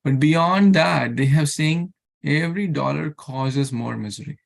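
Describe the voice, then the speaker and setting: A man who leads a scripture class gives an earnest sermon in a somewhat high voice with vocal fry, speaking a little slowly. He repeats himself, poses rhetorical questions to his listeners, and weaves in chants and Sanskrit verses.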